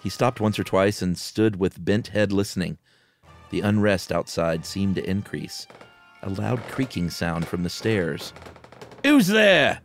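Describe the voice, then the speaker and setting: Low-voiced man reading a ghost story. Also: fairly even intonation, darkish tone, faint music behind. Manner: measured, dramatic storytelling. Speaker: podcast co-host and reader. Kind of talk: reading a ghost story aloud with casual chat.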